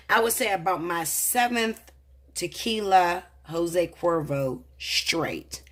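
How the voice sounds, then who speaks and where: A woman's voice: lowish voice, husky. A woman in her thirties, a tarot reader, telling a personal story in a heated, profane, confessional way. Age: 30s. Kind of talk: casual storytelling to camera.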